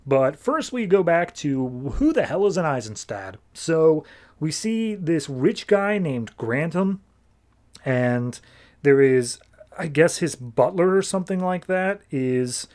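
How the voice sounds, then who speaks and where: A young man hosting a podcast. He recaps comics in a loose, casual way, full of "like," and he sums up characters in quick asides. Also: medium pitch, a little mellow. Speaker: podcast host reviewing comics.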